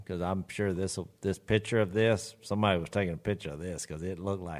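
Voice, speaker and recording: Guy drawling thru a story on a podcast, kinda low voice, chuckles a lot. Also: moderate pace. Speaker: podcast co-host. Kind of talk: casual storytelling chat.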